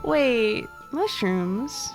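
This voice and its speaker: A woman's voice: fairly high pitch, lively intonation, drawn-out words. A young woman streaming a video game, chatting in a rambling, giggly way and swearing casually. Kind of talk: casual gameplay chat. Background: game music.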